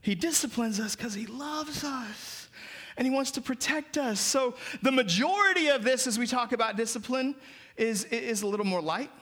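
A man's voice: high voice, a bit bright. A man preaching a sermon as pastor, explaining Greek words with emphasis.

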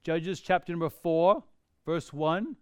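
A middle-aged pastor delivers a sermon, spinning stories with animated emphasis and wry humorous asides. His voice sits high and sounds smooth and resonant. The recording is close and dry. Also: slow, dry recording.

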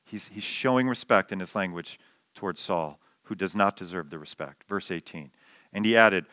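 Male pastor, animated sermon delivery, bright tone, dry close-miked sound. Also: mid-range voice, moderate pace, dry recording. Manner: animated, reads scripture aloud and acts out the shouting.

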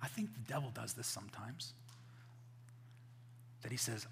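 A man's voice: medium pitch, lively intonation, moderate pace, creaky. Man preaching a sermon in an echoing hall. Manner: storytelling, shifting from loud exclamations to quiet asides. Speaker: pastor. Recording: reverberant hall.

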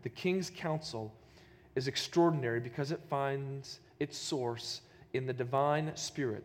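Pastor preaching a sermon, lots of rhetorical questions, long hall echo. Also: male voice, a little high.

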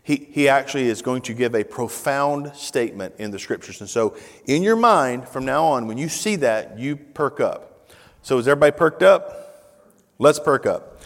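A man's voice: medium pitch, moderate pace, long reverb tail. A male pastor preaching in a conversational, emphatic way and reading scripture aloud in a church. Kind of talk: sermon.

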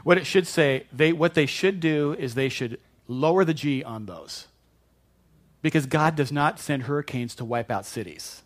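A man's voice: fairly high pitch, normal speed. Male pastor, sermon, chatty, joking, restarts words. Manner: conversational and joking, with frequent restarts.

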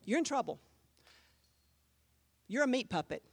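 Woman pastor, high voice swinging all over the place, punchy conversational preaching. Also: big pitch swings, unhurried, gravelly. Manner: emphatic, conversational preaching with sudden jumps in volume. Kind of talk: sermon teaching.

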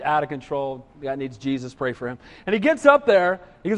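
High-voiced pastor preaching in an echoing hall. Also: male voice, sing-song, fast talker, hardly any pauses. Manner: storytelling with humor, asks listeners "right?". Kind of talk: sermon.

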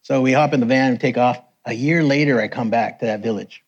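A middle-aged man preaching, telling personal testimony stories with lively quoted voices. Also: fairly quick, husky, highs cut off. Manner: animated storyteller, raises pitch for quoted voices. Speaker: missionary preacher. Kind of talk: sermon testimony storytelling.

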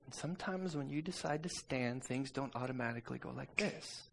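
A man preaching a sermon and telling a personal story, swinging between soft, intimate passages and loud, urgent ones. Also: medium pitch, brisk, creaky, slight background noise.

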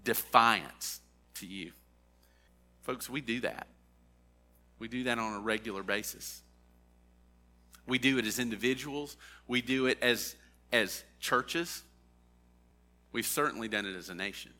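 A man preaching a sermon. He reads scripture aloud and then applies it earnestly, his voice swelling on key phrases and dropping low and quiet for emphasis. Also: unhurried, long pauses. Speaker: pastor.

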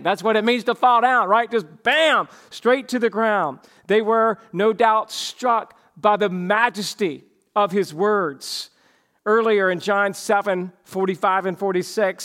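High-pitched man preaching a sermon. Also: a bit bright, smooth. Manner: emphatic, varies pace for effect. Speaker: pastor.

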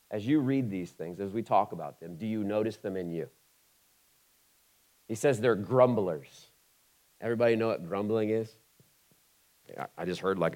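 A male pastor preaching a conversational sermon to a congregation, with quick asides and big swings from loud to quiet. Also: mid-range voice.

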